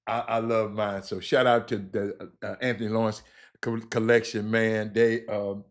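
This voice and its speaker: Laid-back man hyping gear, lower voice. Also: level tone, moderate pace. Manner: loose, laughing, repeats words while hyping merchandise. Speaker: show host. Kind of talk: casual chat with viewers.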